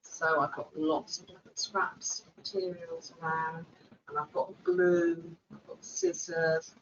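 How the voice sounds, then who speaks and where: A woman working in early years education, giving a gentle, animated craft demonstration. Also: fairly low pitch, unhurried, creaky, highs cut off, slight background noise. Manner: gentle, animated, with playful voices. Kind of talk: instructional demonstration.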